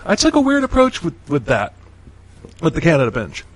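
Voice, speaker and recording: A man's voice: fairly high pitch, huge pitch swings, slightly rough, no echo, low-quality recording. A man hosting a podcast in casual chat, rambling with many restarts and frequent laughs. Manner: rambling, halting, laughs often. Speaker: podcast host.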